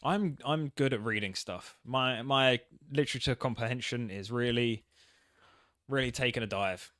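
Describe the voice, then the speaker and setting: A man's voice: medium pitch, normal speed, fairly bright tone, dry recording. Dry, jokey man narrating a game. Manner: jokey, self-mocking, reads game text aloud. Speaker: gaming channel host. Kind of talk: casual game commentary. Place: home setup, in England.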